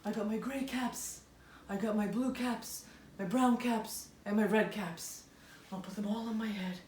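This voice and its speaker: A woman voicing an angry male cap peddler who shouts demands and gasps broadly in a storybook act-out. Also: mid-range voice, fairly even intonation, a little slow, roomy sound, a little hiss or hum, lightly acted. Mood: relieved.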